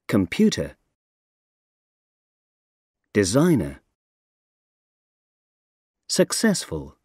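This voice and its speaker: A speaker slowly reading single words for pronunciation practice, one word at a time. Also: mid-range voice, a little mellow, slightly rough, no room sound, studio quality. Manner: slow, deliberate word-by-word reading.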